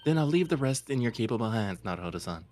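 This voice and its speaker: A man voicing a courteous, earnest young female assistant, reading her lines in a measured way. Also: mid-range voice, sing-song, a little mellow, faint music behind, close to an everyday voice.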